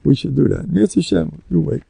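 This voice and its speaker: A man's voice: a little high, a little fast, creaky, slightly rough, no room sound. An older man with an American accent, a rabbi lecturing to listeners and acting out the scenes of his stories. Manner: animated storyteller who acts out scenes. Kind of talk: Torah lecture with storytelling.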